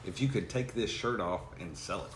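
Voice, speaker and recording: A man's voice: low-pitched, normal speed. A man, co-hosting a casual live chat with dry, wisecracking remarks. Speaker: co-host. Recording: echoey room with faint noise.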